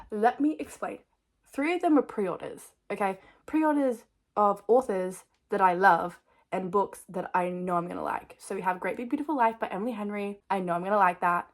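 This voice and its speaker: A young woman talks straight to her camera in an easy, rambling way. Her voice sits in an ordinary middle pitch, and she strings thoughts together with plenty of "like". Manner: rambling and chatty, filled with "like". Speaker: vlogger. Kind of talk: casual chat to camera.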